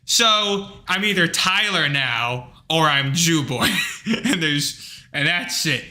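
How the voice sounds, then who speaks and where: A man's voice: on the high side, slow. A man hosting a livestream, talking in a rambling, casual rant full of fillers and blunt asides. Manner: rambling, filler-heavy, animated retelling; blunt, with occasional profanity. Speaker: livestream host.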